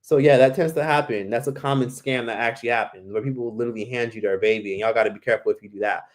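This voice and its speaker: A man's voice: mid-range voice, rapid-fire. A man hosting a casual live Q&A from home, rambling with lots of "like" and "literally" and acting out the people he quotes. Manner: rambling, fills talk with "like" and "literally"; acts out the voices of people he quotes. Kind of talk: casual livestream chat.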